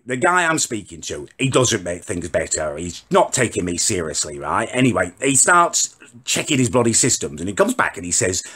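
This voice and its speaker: A young man rants to camera at home in an indignant, self-important tone. His voice is forceful and a little husky, and his pitch swings widely from line to line. He sounds like a comic vlogger. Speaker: comedy vlogger. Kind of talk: ranting comic monologue to camera. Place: home, indoors.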